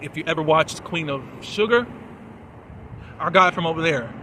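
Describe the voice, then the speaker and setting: A man giving a chatty, animated recap and commentary on a TV episode, full of fillers, recorded outdoors in a city. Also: on the high side, normal speed, a little hiss or hum. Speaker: TV episode reviewer.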